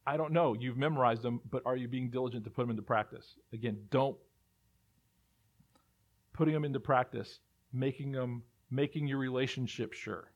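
A man's voice: medium pitch, moderate pace, dull audio. A male pastor preaching a sermon, emphatic and repeating phrases as he builds his points.

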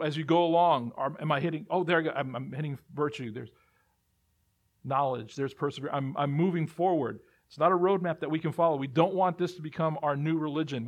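A male pastor preaching a sermon, emphatic and repeating phrases as he builds his points. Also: on the high side.

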